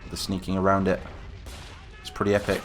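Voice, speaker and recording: A man's voice: sits low, a little fast, a little hiss or hum. Chatty man over gunfire. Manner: chatty and excitable, talks to the troops. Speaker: gaming channel host. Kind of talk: casual game commentary. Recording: game gunfire and explosions behind voice.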